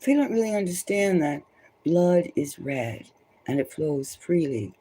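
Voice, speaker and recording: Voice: medium pitch, big pitch swings, measured pace, dark tone, slightly rough. A tarot reader giving rambling spoken commentary, emphatic and loose, often repeating phrases for stress. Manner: loose and conversational, many restarts.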